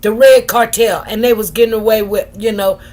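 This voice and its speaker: A woman's voice: mid-range voice, fairly even intonation, fairly quick, darkish tone. A woman hosting a live stream, chatting casually and directly to her viewers in a slangy, talkative way. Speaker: livestream host. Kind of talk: casual commentary to a live chat.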